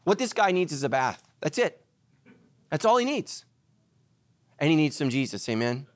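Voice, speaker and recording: A man preaching a sermon as pastor, animated, swinging between loud emphatic lines and hushed ones. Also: fairly high pitch, moderate pace, dry recording.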